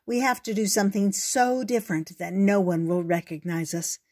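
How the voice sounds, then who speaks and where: A woman's voice: mid-range voice, moderate pace, a little mellow, close to an everyday voice. A woman voicing a grumbling boy pig. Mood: worried. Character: fretful young boy pig.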